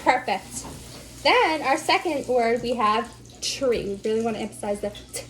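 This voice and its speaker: A woman teaching as a speech therapy instructor, slowly over-enunciating the sounds she models. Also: a little high, animated, a bit bright, slight background noise, low-quality recording. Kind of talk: instructional demonstration.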